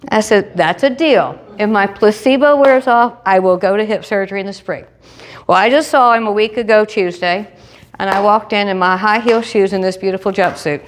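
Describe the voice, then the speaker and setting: Woman presenter, animated storyteller who plays every part of the dialogue herself. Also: normal speed. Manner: lively, acts out dialogue with big pitch jumps. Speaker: presenter sharing a testimony. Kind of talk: animated storytelling to a live group.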